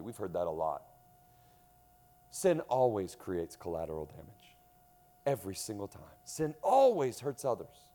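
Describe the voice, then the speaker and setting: A man preaching a sermon to a congregation, swinging from loud emphasis to hushed tones and asking the room questions. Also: on the high side. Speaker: pastor.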